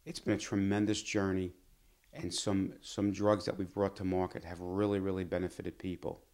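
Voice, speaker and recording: Earnest deep-voiced man telling his story. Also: flat delivery, a little mellow. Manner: earnest, measured, reflective. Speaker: physician and pharma executive. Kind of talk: personal storytelling to camera.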